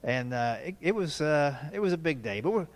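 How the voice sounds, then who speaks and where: A man's voice: on the high side, animated, a little fast. A man in his fifties performing a stand-up comedy set, telling folksy family stories with punchy asides at a live show in a church hall. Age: 50s.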